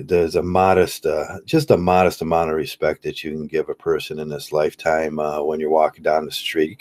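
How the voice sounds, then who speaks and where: A man talking casually to camera in a rambling, halting way, full of fillers and restarts. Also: very deep voice, darkish tone. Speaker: channel host.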